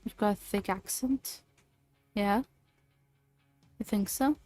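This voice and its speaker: Woman streamer, playful and teasing, mid-pitched voice with faint music underneath. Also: slow, darkish tone, no room sound. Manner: playful, teasing, lots of laughs. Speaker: livestreamer chatting with viewers. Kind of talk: casual livestream chat.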